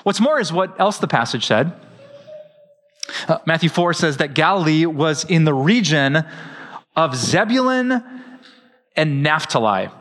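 A middle-aged man, preaching a sermon as pastor in a lively, joking way. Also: on the high side, unhurried, long pauses. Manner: lively, joking, with frequent laughs.

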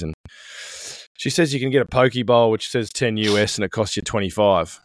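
A man's voice: lowish voice, normal speed, a little hiss or hum. A middle-aged man co-hosting a podcast in casual chat, swearing a lot as he rants. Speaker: podcast co-host.

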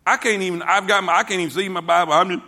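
Forceful pastor preaching. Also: male voice, high voice, fairly even intonation, very fast. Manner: folksy storytelling, swings from hushed to shouting. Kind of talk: sermon. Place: church sanctuary before a congregation.

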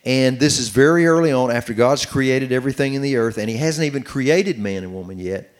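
A middle-aged man preaching on marriage, reading scripture slowly and commenting as he goes. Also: mid-range voice. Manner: earnest, reads scripture slowly with running commentary. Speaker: pastor teaching on marriage. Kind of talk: sermon-style Bible teaching.

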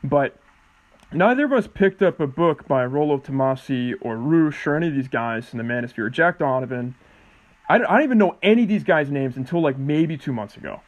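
A man's voice: a little high, expressive, a little fast, highs cut off. A man hosting a podcast, rambling and hesitant, swearing casually. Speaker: podcast host.

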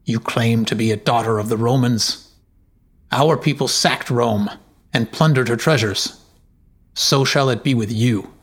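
A man's voice: medium pitch, measured pace, breathy edge. A man voicing a proud, suspicious aging chieftain who speaks in an accusing, commanding way in a storybook reading.

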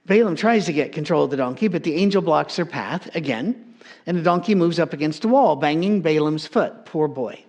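A male preacher tells a story with relaxed, conversational humor. His voice sits fairly high for a man. He moves easily between explaining and joking. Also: a little fast. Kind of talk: sermon.

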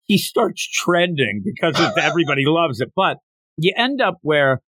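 A man in casual podcast chat, recapping a manga chapter with lively swings in his fairly high voice. He jumps into the characters' voices as he tells it. The sound is close and dry. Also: moderate pace, dry recording. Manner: animated retelling, acting out quotes with raised pitch. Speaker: podcast co-host reviewing manga.

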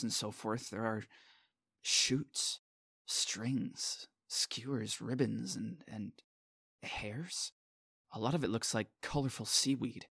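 Earnest guy reading a first-person story, mid pitch, dry close mic. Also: creaky, a bit bright, dry recording. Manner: earnest, self-conscious inner monologue. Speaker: narrator. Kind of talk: scripted first-person narration.

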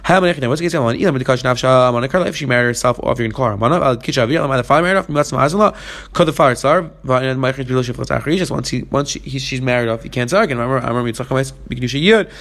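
A man's voice: mid-range voice, racing, a bit bright. A man teaching a Talmud page, reading the Aramaic text and explaining it in English. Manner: reads Aramaic lines then explains in English. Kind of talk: fast Talmud study lesson.

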